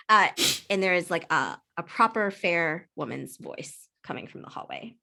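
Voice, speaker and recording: A woman's voice: on the low side, lively intonation, measured pace, gravelly, pushed and bright. A woman acting as game master, casually explaining rules and narrating scenes with frequent fillers and restarts.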